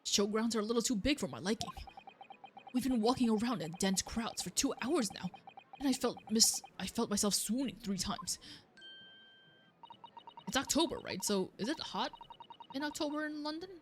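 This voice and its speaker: A woman's voice: on the high side, animated, normal speed, long pauses, a little hiss or hum. A young woman streamer giving casual, scatterbrained commentary while playing a game and reading lines aloud. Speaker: let's play streamer. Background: game music.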